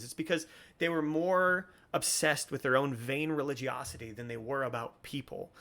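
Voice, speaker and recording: Young male podcast host, earnest and preachy, rambling with restarts, slightly high voice. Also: fairly bright tone. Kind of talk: casual commentary.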